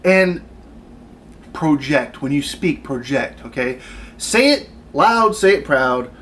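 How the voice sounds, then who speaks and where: A retail worker in his thirties rants on camera about his job in a comedic vlog, sounding exasperated and sarcastic. His voice is a little high and a bit bright, with big pitch swings and a slow pace, and there's a little hiss or hum in the recording.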